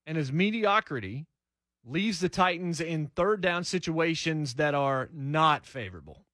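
A man delivers a hard-hitting sports radio rant, full of blunt verdicts and rhetorical questions. His voice sits a little higher than most men's, and the studio sound is close and dry, with no room around it. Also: animated, unhurried, a bit bright, dry recording. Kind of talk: opinionated sports talk radio monologue.

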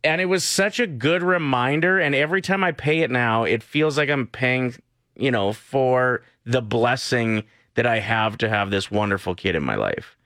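A man's voice: mid-range voice, lively intonation, moderate pace, fairly bright tone, no echo, clean studio sound. A Canadian man in his thirties co-hosting a morning radio show, chatty and jokey, sometimes reflective. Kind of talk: casual radio chat.

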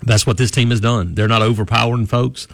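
A man's voice: mid-range voice, fairly even intonation, brisk, dry recording. A man who reports on college sports, talking through a team's season on a radio show in a rambling, easygoing way with many restarts. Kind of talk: casual sports radio analysis.

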